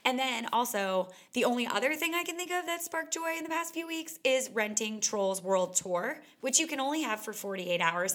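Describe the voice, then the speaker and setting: In her solo podcast, a young fitness instructor chats openly and candidly, leaning heavily on "like" as a filler. She has a medium-pitched voice with a fairly bright tone.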